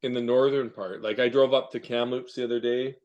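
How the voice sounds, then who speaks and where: A man in his forties hosts a podcast in easygoing chat. He tells long stories at a relaxed pace and swears now and then. His voice sits in a middle pitch. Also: fairly quick, muffled recording. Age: 40s. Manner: relaxed storytelling, swearing freely. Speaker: podcast host. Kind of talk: casual chat.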